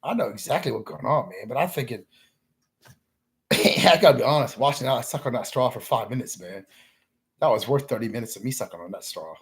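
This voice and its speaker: A man's voice: medium pitch, expressive, brisk, slightly rough. A man telling a rambling, profane story to his livestream viewers, ending his sentences with "man" and insisting it all really happened. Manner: insists his stories are true. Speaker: livestream host.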